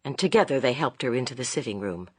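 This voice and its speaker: An audiobook narrator giving a dramatic, expressive reading of a classic suspense novel. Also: mid-range voice, fast talker, breathy edge, no room sound.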